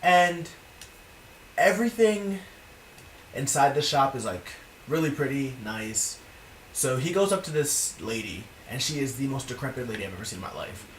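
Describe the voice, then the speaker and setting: A young man spins an animated, cussing storytime tale in a casual voice of middling pitch. The room is echoey, he sits back from the mic, and a faint hum of room noise runs underneath. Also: moderate pace. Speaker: vlogger. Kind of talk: storytime vlog. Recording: roomy, distant from the mic.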